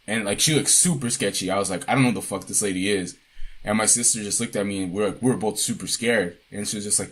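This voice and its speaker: A man's voice: fairly low pitch, steady tone, quick pace. A man co-hosting a podcast, telling a childhood story in a casual, profane, laid-back way. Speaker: podcast co-host.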